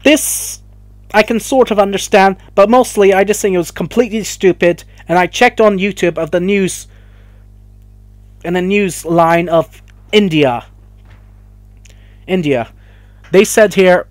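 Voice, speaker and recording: A man's voice: high-pitched, measured pace, pauses often, no room sound. A young man ranting emotionally to camera in a vlog, swearing and rambling as he gets worked up. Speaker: vlogger. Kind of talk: heated opinion rant to camera.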